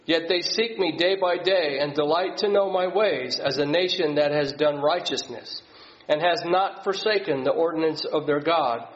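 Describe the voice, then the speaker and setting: A man leading a Bible study, putting questions to the group and reading scripture aloud. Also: fairly high pitch. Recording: slightly dull sound.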